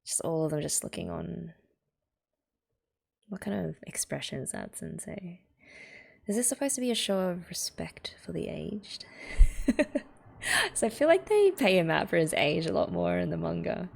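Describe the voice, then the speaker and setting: A woman's voice: on the low side, very animated, normal speed, vocal fry, pauses often, darkish tone, husky. An Australian woman hosting a reaction video, reading a manga aloud and chatting through it with laughing, whispered asides.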